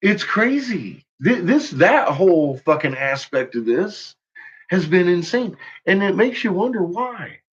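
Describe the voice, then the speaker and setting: A man's voice: high-pitched, sing-song, measured pace, husky, muffled recording. A man livestreaming to his chat in a profane, rambling rant, laughing often. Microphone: own microphone.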